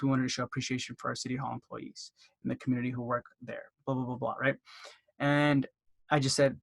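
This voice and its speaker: A man casually teaching marketing for a dental practice, with lots of fillers, who acts out phone conversations by jumping into a higher voice. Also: vocal fry. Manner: acts out phone dialogues in a raised voice; loose, filler-heavy delivery. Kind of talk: casual instructional talk.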